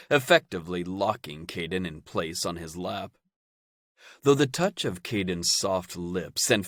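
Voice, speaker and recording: A man narrating a romance audiobook in a steady, even storytelling delivery. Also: deep voice, dry recording, clean studio sound.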